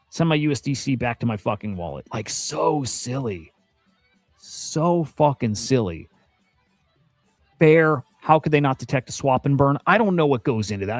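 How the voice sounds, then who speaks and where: A man in the middle of a profane, exasperated rant on his crypto news stream, circling back over the same points again and again. His voice sits at an ordinary middle pitch. It is recorded dry and close, with faint music underneath. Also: darkish tone, no room sound. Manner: blunt, profane, exasperated, repeats himself. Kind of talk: casual ranting commentary.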